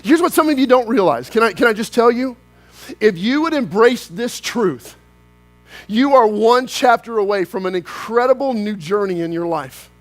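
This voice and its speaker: A man preaching a sermon as pastor, swinging from loud, animated outbursts to quiet, hushed lines. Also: high-pitched, normal speed, no echo.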